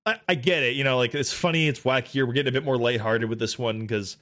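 A man in casual gaming chat, swearing often and laughing through animated rants. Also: medium pitch, fast.

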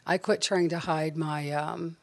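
A woman's voice: deep voice, fairly even intonation, measured pace, creaky, dry recording. A woman comedian from Southern Ohio with an Appalachian accent and a slight twang, chatting casually and laughing as a podcast guest.

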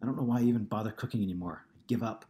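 A man's voice: lowish voice, very fast, mellow, reverberant, lightly acted. A man voicing an upset, tearful wife. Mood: exasperated. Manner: pleading, accusing, voice rising. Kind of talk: audiobook character voice.

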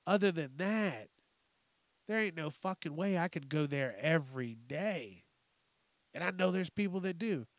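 A young man hosting a podcast, ranting profanely about the news and mocking people in quick put-on voices. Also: a little high, lively intonation, no echo. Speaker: podcast host. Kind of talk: casual ranting commentary.

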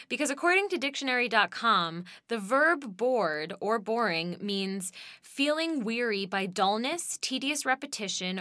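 A woman's voice: medium pitch, pushed and bright, dry recording, studio quality. A young woman hosting a podcast, thinking aloud in a rambling, conversational monologue with lots of fillers and the odd swear word. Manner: profane. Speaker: podcast host. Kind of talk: casual solo podcast monologue.

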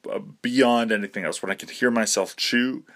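Young man, rambling monologue, nervous laughter, slightly low voice, swears casually. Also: fairly even intonation, moderate pace, a bit bright.

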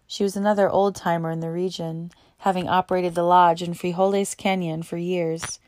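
A woman reading a novel aloud as narrator, in a steady, even way. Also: lowish voice, normal speed, dry recording, clean studio sound. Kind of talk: audiobook narration.

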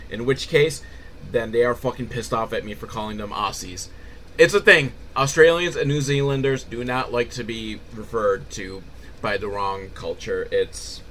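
A man's voice: a little high, fairly bright tone. A man hosting a comedic recap of a TV show, rambling and self-mocking, with sudden goofy swings in his voice. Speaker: podcast host recapping a TV show.

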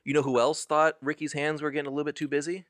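A man's voice: a little high, level tone, rapid-fire, a bit bright, dry recording. A man chatting casually on a podcast, recapping a horror movie with jokes and rambling asides. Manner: joking, rambling with fillers. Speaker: podcast co-host.

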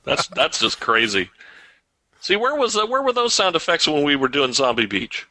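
A man co-hosting a podcast over an online voice call, playful and teasing, throwing in quick bits. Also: a little high, very animated, bright, forceful tone, no echo. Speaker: podcast co-host. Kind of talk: casual comedic chat.

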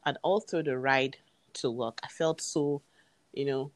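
A woman's voice: low voice, animated, moderate pace, no echo. A woman, earnestly retelling a personal story and acting out the dialogue. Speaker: guest telling her story.

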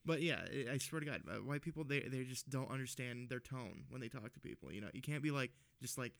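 A man's voice: mid-range voice, fast talker, vocal fry, fairly bright tone. A man co-hosting a casual podcast, telling a story in a profane, ranting way, still worked up and heated. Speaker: podcast co-host.

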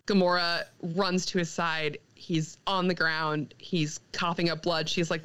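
A young woman co-hosting a podcast, recapping a comic in a casual, animated way, quoting the characters and laughing often. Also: fairly low pitch, measured pace, few pauses, clean tone, poor audio. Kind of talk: casual chat.

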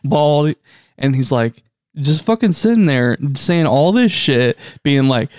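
A man's voice: medium pitch, lively intonation, unhurried, darkish tone, clean tone, dry recording, studio quality. Laughing, swearing man in casual chat.

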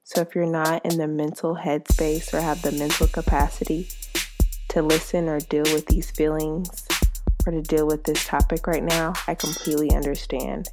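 Slow, gravelly-voiced woman podcaster. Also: sits low, flat delivery, music in the background. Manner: earnest and heartfelt, speaking slowly. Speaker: podcast host. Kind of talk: personal podcast monologue.

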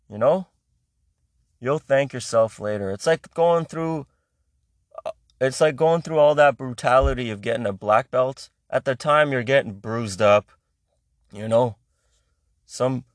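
A young adult man doing a rambling comic monologue, animated, swinging between loud outbursts and low mutters. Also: no room sound, studio quality. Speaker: comedian.

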